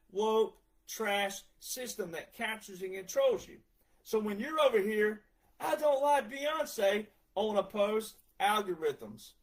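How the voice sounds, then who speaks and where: A man's voice: high-pitched, a bit bright, poor audio. A man, a retired veteran ranting sarcastically in a heated monologue. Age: 40s. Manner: ranting, sarcastic, mocks others in put-on voices. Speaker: retired veteran ranting about country music.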